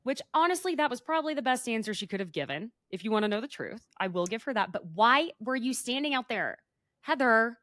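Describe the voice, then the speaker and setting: A woman's voice: fairly high pitch, a little fast, no room sound, clean studio sound. A woman co-hosting a podcast, chatting casually and laughing often as she dishes gossip. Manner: chatty, animated, laughs often, says y'all. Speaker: podcast co-host.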